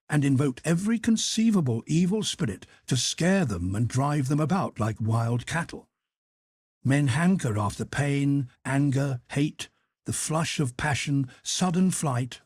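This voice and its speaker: Male audiobook narrator with a husky tone and a dry, close sound. Measured, deliberate essay reading. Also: mid-range voice, darkish tone, no echo. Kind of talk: scripted narration of a philosophical essay.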